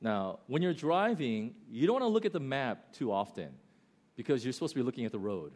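Animated American preacher, lively pitch. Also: male voice. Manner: animated storytelling, shifts between loud bursts and slow, quiet emphasis. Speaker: pastor. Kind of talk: sermon.

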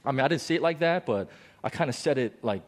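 A pastor telling a story from his own ministry during a sermon, animated and self-deprecating, often restarting his sentences. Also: medium pitch, quick pace.

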